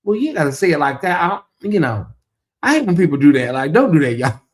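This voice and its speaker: Animated man hosting a livestream. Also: fairly high pitch, a little fast, slight background noise. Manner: animated, exclaiming, chatty asides to viewers. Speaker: livestream show host. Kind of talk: casual livestream chat, reading viewer comments.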